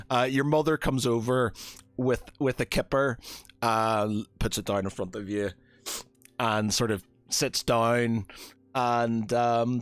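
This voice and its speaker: A man narrating a tabletop game as game master, hesitant and unhurried with many fillers. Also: mid-range voice, clear, resonant tone, no echo.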